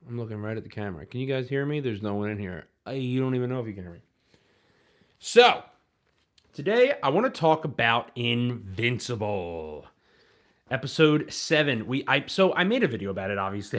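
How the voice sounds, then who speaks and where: A man's voice: medium pitch, a bit bright. A man hosting a casual livestream from home, rambling to the camera and chat with frequent ums. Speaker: livestream host.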